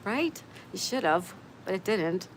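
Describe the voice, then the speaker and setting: A woman's voice: medium pitch, very animated, a little slow, slight background noise, poor audio. Upbeat woman on an outdoor live stream. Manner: upbeat, reads out viewer comments. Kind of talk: casual chat reading live comments. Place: outdoor patio by a canal.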